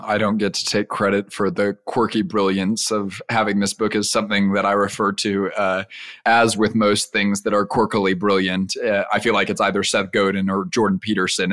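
A young adult man speaking as an interview guest, an animated storyteller who laughs often. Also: fairly low pitch, no echo. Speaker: podcast guest, leadership speaker. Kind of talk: casual interview.

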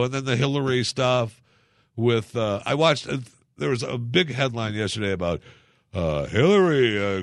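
A man's voice: mid-range voice, fairly bright tone, dry recording, studio quality. A man hosting a radio segment, riffing in a sarcastic, mocking way and rambling with lots of fillers. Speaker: radio host. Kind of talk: casual solo commentary.

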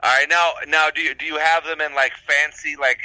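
Bright-voiced man, chatty podcast co-host. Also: on the high side, level tone, brisk, no echo, poor audio. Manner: laughs often, hesitant with many fillers. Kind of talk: casual chat.

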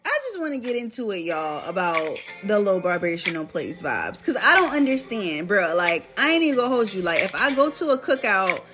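A woman's voice: mid-range voice, very animated, a little fast, hardly any pauses, music in the background. A young woman hosting a podcast, ranting bluntly in casual slang-filled chat. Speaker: podcast host.

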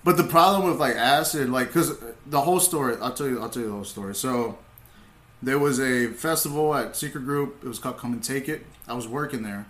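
A young man, a comedian, telling stories in laid-back casual talk, swearing freely and getting animated as he retells. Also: medium pitch, fairly quick, reverberant. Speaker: comedian, podcast guest. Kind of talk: casual storytelling.

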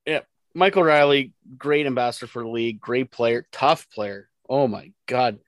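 A man co-hosting a football talk show, blunt and animated, quick to joke and jab. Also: medium pitch, dry recording. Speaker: sports podcast co-host. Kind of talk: casual sports talk.

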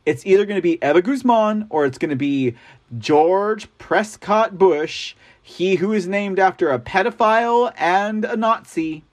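A man's voice: high voice, a little slow. A man hosting a live online news show, chatting casually and reading out viewer comments with frequent laughs. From Texas. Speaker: livestream news show host. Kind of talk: casual live-chat talk.

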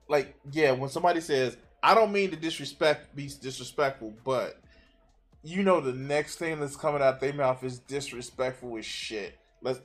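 A man giving casual, blunt commentary while reacting to a podcast clip, with frequent swearing. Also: medium pitch. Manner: blunt and profane.

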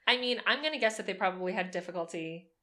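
Excitable woman podcast co-host. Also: medium pitch, fast talker. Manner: excitable, swears freely. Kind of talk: casual chat.

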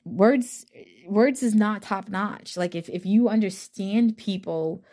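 A woman's voice: medium pitch, slow pace, mellow. A woman giving a fired-up, blunt spiritual rant full of swearing, talking straight to her viewers. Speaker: spiritual reader. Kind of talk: ranting monologue.

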